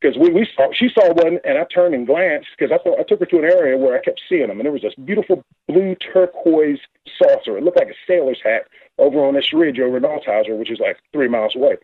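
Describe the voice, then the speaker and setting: A man calling in to a radio talk show, telling his story in a rambling, halting, excited way. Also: on the high side, husky, dry recording. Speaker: caller. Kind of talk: casual phone-in story. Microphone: phone. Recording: tinny phone line.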